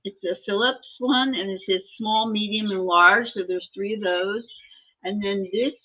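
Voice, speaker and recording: A middle-aged woman hosting a live collectibles sale, chatting casually and telling a story in an animated way. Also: medium pitch, normal speed. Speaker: host selling collectibles. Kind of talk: casual sales chat and storytelling. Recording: tinny phone-like audio.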